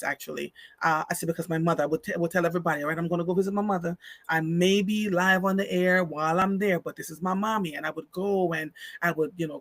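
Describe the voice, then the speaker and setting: A woman in her fifties hosting a live show, reading chat comments and telling a heartfelt personal story in a casual, lively way. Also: lowish voice, no echo. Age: 50s.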